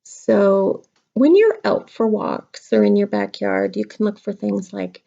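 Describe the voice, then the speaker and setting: A middle-aged woman teaches young children a craft, chatty and playful, talking right to them. Her voice has a strong gravelly fry. The sound is dull and lo-fi, like a home video. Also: mid-range voice, unhurried, warm tone. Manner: chatty, playful, talks straight to kids. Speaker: kindergarten teacher.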